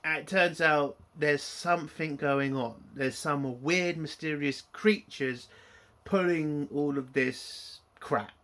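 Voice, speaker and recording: A man's voice: on the high side, slow, fairly bright tone. A man giving a blunt, opinionated spoken TV review, swearing freely.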